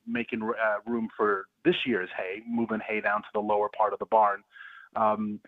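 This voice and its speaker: A man's voice: on the low side, no echo. A man calling into a radio show as a guest, talking in a blunt, scornful and folksy way over the phone. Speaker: guest, farmer and policy director. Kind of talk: phone interview. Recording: tinny phone line.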